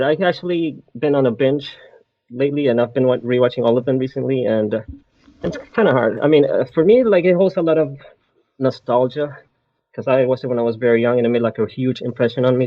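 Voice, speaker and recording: A man's voice: medium pitch, a little fast, no room sound. Easygoing man guest on dull lo-fi audio. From Australia. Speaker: podcast guest. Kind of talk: casual podcast chat. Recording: slightly dull lo-fi call audio.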